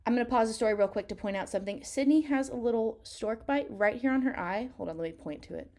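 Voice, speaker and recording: A woman's voice: on the high side, fast, a little mellow. A young woman from Texas, a photographer telling a story in a casual, self-mocking way while editing a photo, swearing freely and acting out her own past lines. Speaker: photographer vlogger.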